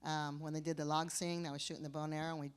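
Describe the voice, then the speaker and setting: An older woman with a fairly low voice tells set stories on a convention panel. She chats easily and acts out the voices of people she quotes. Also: little pitch movement, very fast, smooth. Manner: chatty, storytelling with quoted voices. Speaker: panel guest, former creature performer.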